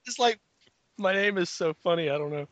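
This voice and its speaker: A man's voice: high voice, lively intonation, brisk, a bit bright, no room sound, highs cut off. A man co-hosting a podcast who keeps giggling and stumbling as he introduces himself. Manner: giggly, flustered, trips over his intro. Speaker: podcast co-host. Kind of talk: casual chat on a group call.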